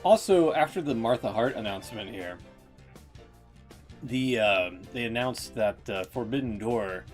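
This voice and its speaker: A man co-hosts a casual podcast, posing questions in a dry, matter-of-fact way. His voice sits at an everyday middle pitch without much color. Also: expressive, a little slow, faint music behind. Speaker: podcast co-host. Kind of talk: casual chat.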